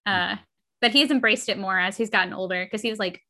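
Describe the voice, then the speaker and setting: A woman's voice: medium pitch, fast, bright, forceful tone. A woman from southern Georgia with a faint Southern accent, chatting casually on a podcast and dropping lots of likes as she talks. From southern Georgia, USA. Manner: chatty, many likes, laughs often. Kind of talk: casual chat.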